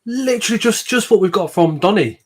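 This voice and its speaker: A man's voice: sits high, lively intonation, a little fast. A man with a sniffly cold voice, chatting casually as a livestream host and greeting viewers by name.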